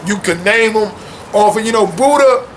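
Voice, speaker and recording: Animated slang-heavy man, high voice. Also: normal speed, slight background noise. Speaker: guest. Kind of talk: casual chat. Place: at home among his dogs.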